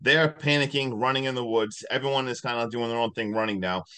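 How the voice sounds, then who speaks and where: A man hosting a podcast, casually recapping a movie in a rambling, animated way full of "like". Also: mid-range voice, fairly quick, clear, resonant tone. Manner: rambling, animated retelling with many likes. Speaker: podcast host.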